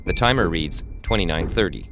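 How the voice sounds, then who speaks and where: Man, audio description narrator, brisk pace, lively pitch, music behind.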